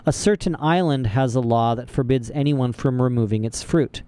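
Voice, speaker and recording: A man's voice: medium pitch, moderate pace, warm tone, clean tone, no echo. A man reading a storybook aloud as narrator, with dry, wry asides. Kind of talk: audiobook narration.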